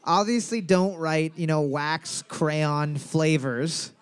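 This trivia host's voice is on the high side, clear and resonant, and he speaks slowly. At the podcast's live trivia night he reads questions aloud, ribs the contestants with jokes, and often breaks into laughter.

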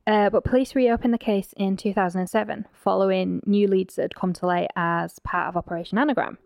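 A woman's voice: medium pitch, fairly even intonation, a little fast, creaky, darkish tone, no room sound. A woman hosting a true-crime podcast, narrating the case with blunt, teasing asides. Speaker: podcast host.

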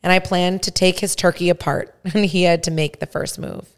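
Low, gravelly woman reading a story. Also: steady tone. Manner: measured, first-person storytelling. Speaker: podcast host.

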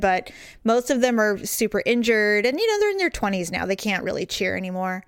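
Candid, animated middle-aged woman. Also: mid-range voice, fast talker, clean tone, no echo, studio quality. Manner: candid, animated storytelling with blunt profanity. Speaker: podcast co-host. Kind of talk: casual chat.

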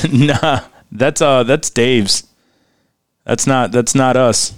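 A man's voice: medium pitch, very slow. A man hosting a casual podcast, joking around, laughing often and swearing freely. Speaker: podcast host. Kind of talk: casual crude podcast banter.

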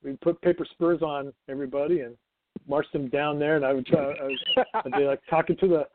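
A man's voice: a little high, fairly even intonation, fairly quick, background noise. A man calling in to a podcast, telling rambling stories and laughing often. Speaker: phone-in guest. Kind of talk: casual podcast chat. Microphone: phone call. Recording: tinny phone line.

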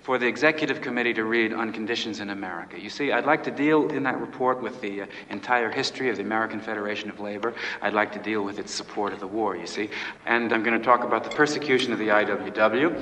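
Earnest stammering labor writer, bright voice, long echoey film reverb, faint hiss. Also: male voice, on the low side, fast talker. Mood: eager. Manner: hesitant, stammering, repeats words. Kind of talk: film dialogue.

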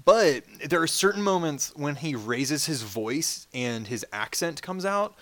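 A man co-hosting a casual fan discussion podcast, talking animatedly with fillers and quick restarts. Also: on the high side. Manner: animated, swears, quotes characters in put-on voices. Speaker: podcast co-host.

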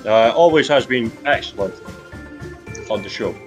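A man with a Geordie accent hosting a comic podcast, joking around with lively, excitable banter. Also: mid-range voice, normal speed, lo-fi sound, soft background music. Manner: lively, jokey, swings into big excited exclamations. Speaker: podcast host.

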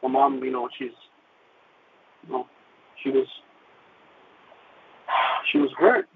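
A man telling his personal faith testimony, emotional and halting, with many "you know" fillers, over a phone-like radio line. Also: mid-range voice, animated, vocal fry, background noise. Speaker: guest sharing his testimony.

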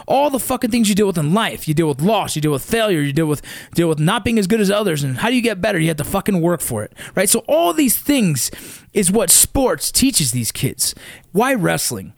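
A middle-aged father of kids who wrestle tells a heated, profane story about their sports, speaking bluntly and casually. His voice sits high and gravelly, recorded at studio quality with no room sound.

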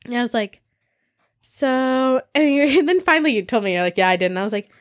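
Animated young woman telling a story. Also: fairly high pitch, fast. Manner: animated storyteller, acts out quotes. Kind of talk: casual chat.

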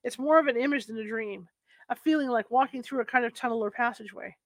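A woman voicing a tired, practical husband who speaks flatly and dismissively, in an audiobook reading. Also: a little high, quick pace, dry recording. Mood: weary.

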